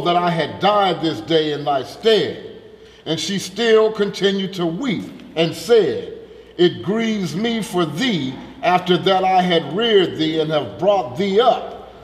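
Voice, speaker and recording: A man's voice: on the high side, sing-song, slow, roomy sound, big-room sound. A man reading scripture aloud steadily. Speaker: scripture reader.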